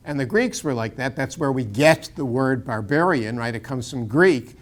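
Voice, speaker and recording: A man's voice: mid-range voice, expressive, normal speed. An older American man lecturing as a university professor in a casual, digressive way, chuckling often and restarting his sentences. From United States.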